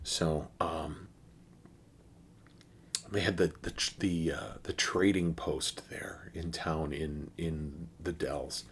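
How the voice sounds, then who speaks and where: A man chatting casually through a beer review, rambling with lots of fillers and restarts. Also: deep voice.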